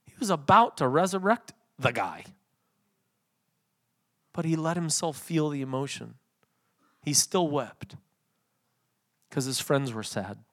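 A man preaching a sermon, swinging from loud emphatic passages to soft, quiet readings. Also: on the high side, expressive, slow, pauses often. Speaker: pastor.

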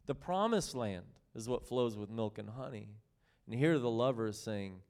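A man preaching a sermon with passion, swinging between loud excitement and hushed, tender reading. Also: medium pitch, normal speed.

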